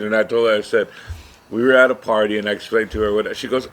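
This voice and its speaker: Middle-aged male podcast co-host, casual rambling storyteller, low voice, faint noise. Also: fairly even intonation, fast talker. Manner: rambling, many "right?" asides.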